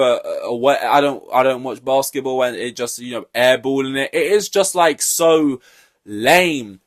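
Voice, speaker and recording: A young man hosting a solo podcast, ranting in an exasperated, profane way. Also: on the high side. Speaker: podcast host.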